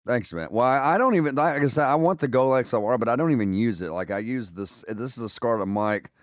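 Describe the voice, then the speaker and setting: A man's voice: medium pitch, fast, no room sound, clean studio sound. A man guest in a casual chat, laid-back and a little hesitant.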